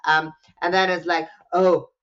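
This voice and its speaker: A woman's voice: lowish voice, flat delivery, unhurried, a bit bright, lo-fi sound. A woman from Germany with a German accent, chatting as a podcast guest in a bubbly, candid way and laughing often. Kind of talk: casual interview chat.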